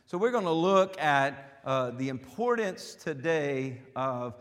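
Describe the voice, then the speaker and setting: A man's voice: on the high side, expressive, takes it slowly. A man pastor preaching a sermon, building with fervor and calling out to the congregation. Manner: preaching with rising fervor, calls and responses. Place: church sanctuary. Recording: long hall reverb.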